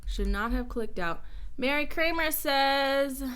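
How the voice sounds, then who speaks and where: A woman's voice: sits high, expressive, slow, a bit bright. A young woman from the United States chatting casually on a live stream from home, rambling and reading out donor messages.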